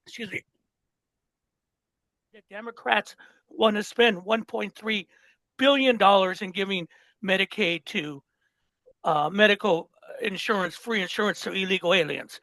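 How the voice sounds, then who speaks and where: A man's voice: high voice, measured pace, bright, forceful tone, dry recording, low-quality recording. An older man co-hosting a political podcast, ranting with passion and plenty of profanity. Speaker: podcast co-host. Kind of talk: heated political podcast chat.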